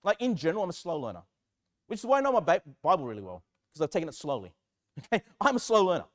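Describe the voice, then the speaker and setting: A high-voiced man preaches to his congregation. He sounds earnest and a little self-mocking, and he often slips into spoken prayers as he teaches. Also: big pitch swings, racing. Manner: earnest, self-deprecating, acts out prayers aloud. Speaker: pastor. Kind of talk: sermon.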